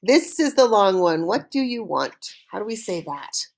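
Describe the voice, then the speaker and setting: Lively woman drilling French words. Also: medium pitch, gravelly. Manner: slow call-and-repeat drilling with cheerful praise. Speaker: French teacher. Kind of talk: recorded online language lesson.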